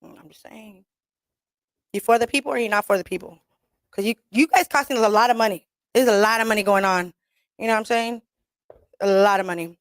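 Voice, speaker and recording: A woman's voice: mid-range voice, brisk, long pauses, dry recording. Blunt, profane woman radio host. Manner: blunt, profane, laughs often; mixes in Spanish slang. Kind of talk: casual, rambling radio talk.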